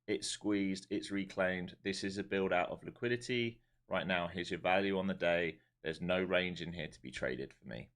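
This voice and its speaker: Live-streaming from London, a day trader with a London accent gives relaxed but blunt market commentary. He speaks at a normal speed in a low, fairly bright voice with few pauses.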